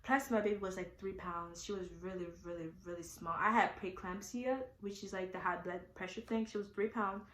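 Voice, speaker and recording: A woman's voice: mid-range voice, a little fast, few pauses, slight background noise. Teen girl rambling through a storytime, lots of likes and you knows, echoey room. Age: teens. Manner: chatty, animated, with many fillers. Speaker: vlogger. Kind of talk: casual storytime.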